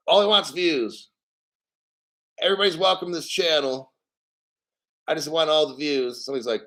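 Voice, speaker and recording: A man's voice: fairly high pitch, animated, a bit bright. Brash profane crypto vlogger man. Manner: brash and profane, jokey asides; emphatic, repeats words slowly. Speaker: crypto channel host. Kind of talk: casual crypto vlog commentary.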